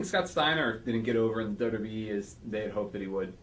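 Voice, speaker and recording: A male interviewer with a lively, rising and falling voice poses short questions. He sounds a little distant from the mic, with a faint hiss in the background. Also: on the low side, fast. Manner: brief prompting questions.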